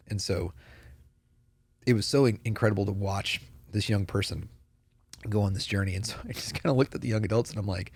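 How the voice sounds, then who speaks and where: A man's voice: on the low side, fairly quick, a little mellow, breathy edge, dry recording. A man in casual conversation on a church podcast, talking earnestly and telling stories with many fillers.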